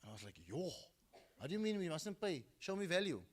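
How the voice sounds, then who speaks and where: A man's voice: on the high side, sing-song, fast, a little mellow. A middle-aged man with a South African accent, giving a storytelling speech at a school football launch and acting out the people he quotes.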